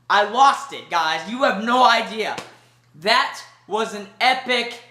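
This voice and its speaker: A man giving an excited, rambling movie review, full of fillers and restarts. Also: high voice, slow pace, echoey room.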